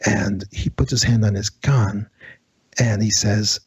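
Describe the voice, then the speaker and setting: Male radio guest, low husky voice, halting dramatic storyteller, dry close sound. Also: fairly even intonation, dry recording. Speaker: guest, former federal agent. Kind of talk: telling a paranormal story on a radio show.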